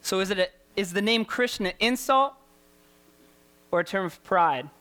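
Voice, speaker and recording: A man's voice: high voice, normal speed, bright, forceful tone. Impassioned male youth preacher. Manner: impassioned, repetitive preaching with rhetorical questions. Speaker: youth pastor. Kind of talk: sermon.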